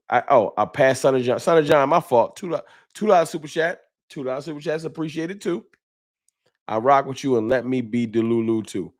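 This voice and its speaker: A man hosting a casual sports fan livestream, talking loose and slangy as he reads out viewer donations. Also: a little high. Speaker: fan talk show host.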